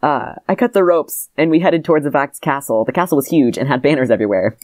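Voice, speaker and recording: A woman co-hosting a comedy podcast, reading her old childhood story aloud in a dry deadpan and breaking into laughter. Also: deep voice, quick pace, a little hiss or hum.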